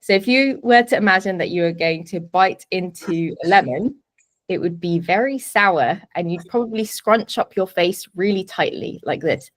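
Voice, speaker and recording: Woman with a lowish voice teaching presenting skills on a video call from home, clear and deliberate. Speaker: presentation coach. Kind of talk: webinar teaching. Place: home office. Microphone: video call webinar.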